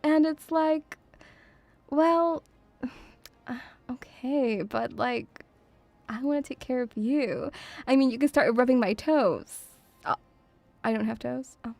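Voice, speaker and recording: A woman's voice: high-pitched, expressive, slow, long pauses, a little mellow, dry recording, soft background music. A woman streaming as a VTuber, chatting in a playful, doting, rambling way. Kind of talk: casual debut stream chat. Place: home room, near pubs.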